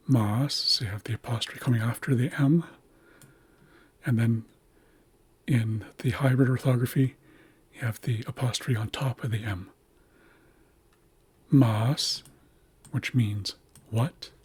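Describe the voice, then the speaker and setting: A man teaching a language's writing system, slowly explaining letters and repeating words to model their pronunciation. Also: medium pitch, fairly even intonation, darkish tone, slightly rough, dry recording.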